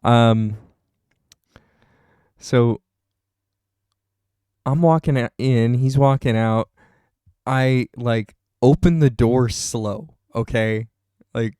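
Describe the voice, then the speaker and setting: A man's voice: medium pitch, mellow, clean tone, no echo, clean studio sound. A young man streaming, rambling through a story with laughs and swearing. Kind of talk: casual chat, storytelling.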